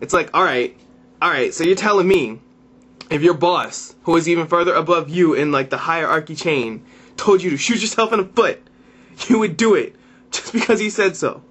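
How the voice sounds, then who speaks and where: A man's voice: fairly high pitch, moderate pace, a bit bright, husky. A young man ranting to camera in a vlog, exasperated and profane, often repeating and restarting his phrases. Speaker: vlogger.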